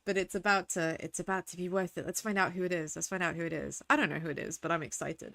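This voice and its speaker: A woman VTuber giving excitable, playful game commentary from her home gaming corner, swearing freely. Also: on the low side, brisk, few pauses, dry recording. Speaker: VTuber streamer.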